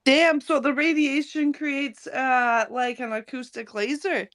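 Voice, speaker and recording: This woman has a fairly high voice. She muses aloud in a casual online group chat, often hesitating and trailing off as she hunts for words. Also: fairly even intonation, a little slow, a bit bright.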